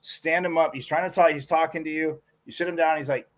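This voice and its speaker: Man, sports talk co-host, somewhat higher voice, rambling, animated, casual commentary. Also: fairly quick. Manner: rambling, animated storytelling with many restarts.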